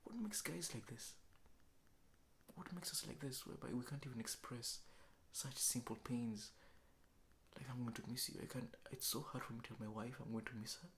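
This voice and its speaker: A man from Kenya, talking slowly and reflectively in a late-night confessional monologue at home, often dropping into a whisper. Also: medium pitch, fairly even intonation, a little hiss or hum. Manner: slow, reflective, often sinking to a hushed whisper. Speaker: vlogger. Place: apartment indoors.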